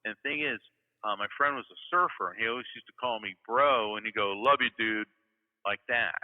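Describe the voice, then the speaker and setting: A man's voice: lowish voice, a little fast. A middle-aged man from Florida, a psychic medium guest, telling stories earnestly in an interview conversation. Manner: earnest storytelling, acts out quoted voices. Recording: tinny phone-like sound with long reverb.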